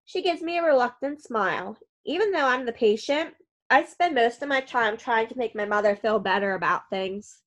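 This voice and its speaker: Woman, audiobook narrator, wry, dry, fairly high voice. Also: animated, moderate pace, a bit bright. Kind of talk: first-person storybook narration.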